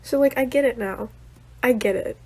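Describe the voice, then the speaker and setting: A woman's voice: fairly high pitch, moderate pace, darkish tone. A young woman, stuffy-nosed from being upset, talking to camera in an earnest, apologetic vlog rant. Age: young adult.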